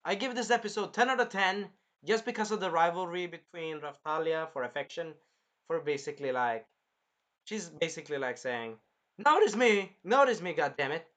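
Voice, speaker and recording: A man hosting a casual anime review, rambling and animated, swearing freely as he recaps an episode. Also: fairly high pitch, normal speed. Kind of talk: casual chat.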